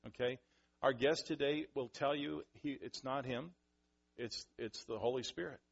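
A man preaching a sermon, animated, acting out scenes with sudden loud outbursts. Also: mid-range voice, normal speed, vocal fry, slightly rough, dull audio. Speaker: pastor.

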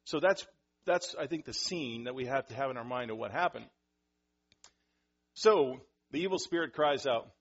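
Animated husky-voiced male preacher. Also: mid-range voice, normal speed, long pauses, muffled recording. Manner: animated, acts out scenes with sudden loud bursts. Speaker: pastor. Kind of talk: sermon.

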